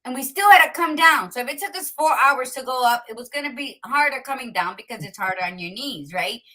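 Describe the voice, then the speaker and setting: A woman's voice: high-pitched, animated, a little fast, bright, forceful tone, poor audio. A woman hosting a casual chat, chatty and dropping in Spanish asides. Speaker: host.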